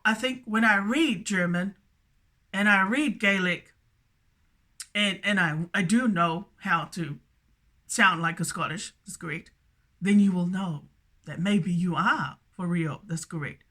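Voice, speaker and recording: A woman's voice: medium pitch, slow, long pauses, sharp tone. A woman rambling through a solo video monologue, stammering and repeating herself, with a habit of tagging "that's correct" onto her statements. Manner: repetitive, stammering, keeps saying "that's correct". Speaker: video blogger.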